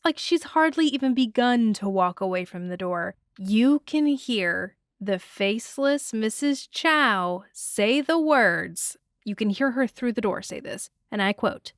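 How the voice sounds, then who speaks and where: Gushing, expressive woman reviewing a film. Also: on the high side, no echo, clean studio sound. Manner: expressive, gushing, swears freely, sighs and laughs. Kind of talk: casual film breakdown.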